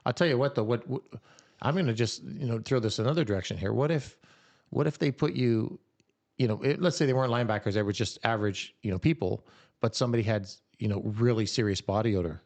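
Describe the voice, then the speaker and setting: Jokey mid-pitched podcast man. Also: a little mellow. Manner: jokey, agreeable, quick to laugh. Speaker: podcast co-host. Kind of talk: casual chat.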